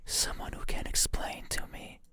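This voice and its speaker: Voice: normal speed, close to an everyday voice. An actor voicing a creepy, insistent demon in a whispered role-play for a horror game. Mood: eerie farewell. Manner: whispered, sudden loud commands.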